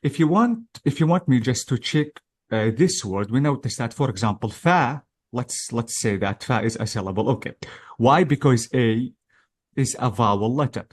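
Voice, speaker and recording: A man's voice: mid-range voice, animated, normal speed, a little mellow, husky. Hesitant man teaching an exam lesson. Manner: patient, step-by-step explaining, many hesitations and check-ins. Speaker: English test-prep teacher. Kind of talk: explanatory lesson for exam practice.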